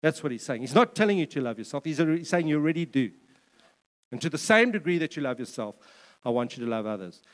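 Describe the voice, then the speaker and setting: A man's voice: fairly high pitch, sing-song, fast talker. Man preaching, reverberant hall. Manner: conversational, self-joking asides, repeats words. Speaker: pastor. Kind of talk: sermon.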